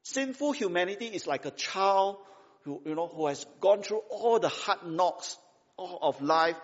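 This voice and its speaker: Preacher in a reverberant hall, emphatic. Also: male voice, a little high. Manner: emphatic, repetitive, rhetorical questions; conversational, tag questions and local fillers. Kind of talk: sermon. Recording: dull sound with long hall reverb.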